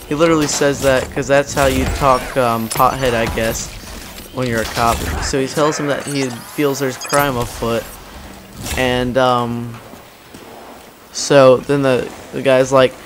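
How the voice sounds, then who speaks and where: This young man rambles through stories while playing a game, voicing the characters in loud, high voices. He speaks with a level tone, a little slowly, over a bit of hiss or hum.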